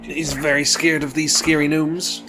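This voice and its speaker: A man's voice: a little high, level tone, measured pace. Dry man with music behind. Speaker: player. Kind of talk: tabletop role-play.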